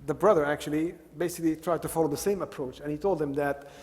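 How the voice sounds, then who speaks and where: A man with a fairly high voice gives a religious talk, retelling stories and circling back to repeat his main phrases. His words ring out with a long reverb in a large hall. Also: quick pace, darkish tone. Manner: retells stories, repeats key phrases, mixes in Arabic devotional expressions. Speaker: religious lecturer. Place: Islamic center hall.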